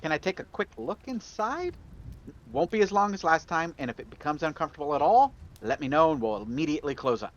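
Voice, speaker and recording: A man's voice: fairly high pitch, expressive, quick pace, muffled recording. A man playing in a tabletop game, chatting casually and describing his character's actions. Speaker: player.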